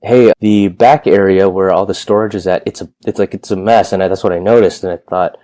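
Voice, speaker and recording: Low, mellow-voiced man. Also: fairly even intonation, brisk, no echo. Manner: rambling storyteller, loose and profane. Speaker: gym owner, guest. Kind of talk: casual interview chat.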